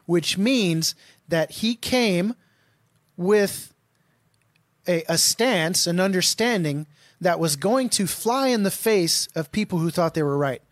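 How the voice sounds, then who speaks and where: A man's voice: sits high, no echo, studio quality. A man co-hosting a casual Christian talk stream, reading scripture aloud and pressing his partner with questions. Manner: probing, pushes questions, reads verses aloud.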